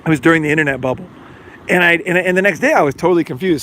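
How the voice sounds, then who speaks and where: A man's voice: fairly high pitch, racing, pushed and bright, a little hiss or hum. A middle-aged man hosting a podcast, talking in a rambling casual monologue full of fillers and acted-out quotes. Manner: rambling, filler-heavy, acts out quoted dialogue. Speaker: podcast host and life coach.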